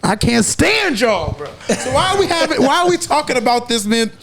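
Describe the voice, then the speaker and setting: A man's voice: extremely high pitch, sing-song, moderate pace, vocal fry, fairly bright tone. A man co-hosting a casual sports podcast, teasing and arguing with the others. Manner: teasing, argumentative. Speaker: podcast co-host.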